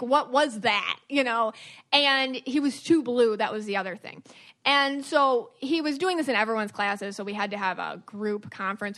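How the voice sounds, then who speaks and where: A woman podcast host and aura reader telling stories from her past in an animated, chatty way. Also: fairly high pitch. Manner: animated storytelling with many fillers. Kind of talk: casual podcast chat.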